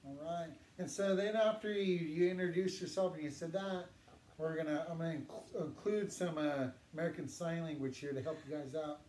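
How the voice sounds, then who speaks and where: A man teaching a language lesson, patiently saying words slowly for learners to repeat. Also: on the high side, fairly even intonation, a little mellow. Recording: echoey room with faint noise.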